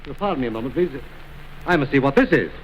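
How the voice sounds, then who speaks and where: Man, formal 1920s presenter, courteous and theatrical, lively melody, faint hiss behind. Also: mid-range voice, fast talker, highs cut off. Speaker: presenter of a film trailer. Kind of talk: 1920s scripted film presentation.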